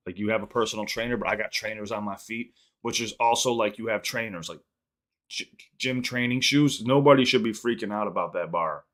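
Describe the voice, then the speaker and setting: A man's voice: on the low side, fairly quick, fairly bright tone. A young adult man from the Chicago area, hosting a casual live-stream podcast and reading out chat questions in a loose, profane, rambling way.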